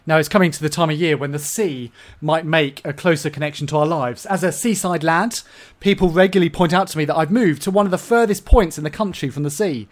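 An expressive man from England preaching a sermon to his congregation. His voice sits a little higher than most men's. He swings between loud, emphatic peaks and quiet, hushed asides. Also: fairly quick, hardly any pauses.

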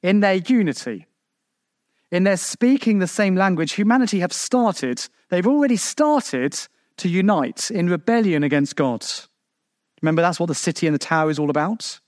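A man delivers a sermon in a high voice with a dry, close sound. He is emphatic, asking his listeners rhetorical questions, and leaps up and down in pitch to drive his points home. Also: lively intonation, normal speed, no room sound. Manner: shifts pitch sharply for emphasis. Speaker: preacher.

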